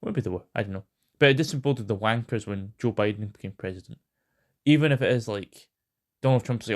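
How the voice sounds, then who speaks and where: A man's voice: on the low side, brisk. A British man hosting a casual news rant. He rambles, swears a lot and fills his talk with ums and hesitations. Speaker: host.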